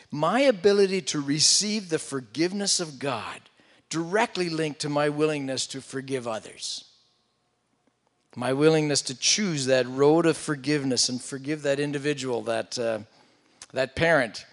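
A man preaching a sermon, retelling a scripture story with loud emphasis and hushed asides. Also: on the high side, in a large hall. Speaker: pastor.

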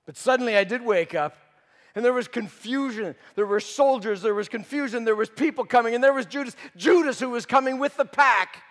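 A man playing Peter, guilt-stricken, high voice. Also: brisk. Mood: frantic. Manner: anguished storytelling, swinging between urgent outbursts and hushed confession. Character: remorseful male disciple Peter, grown man haunted by guilt. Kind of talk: dramatic first-person monologue. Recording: long reverb of a large hall.

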